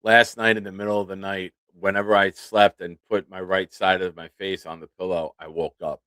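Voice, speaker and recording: A man in his forties hosts a live fan show with a lowish voice, talking in a relaxed, self-deprecating way. He chats straight to viewers. The mic sounds close and dry. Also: a little fast, dry recording. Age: 40s. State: nursing a swollen tooth. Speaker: podcast host. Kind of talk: casual live-stream chat.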